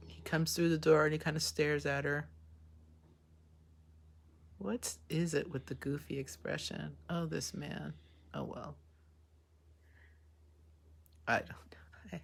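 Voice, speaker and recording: A woman's voice: deep voice, level tone, a little slow, creaky, long pauses. A woman hosting a live reaction to a TV episode, talking emotionally and exclaiming at each scene. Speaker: show reaction host.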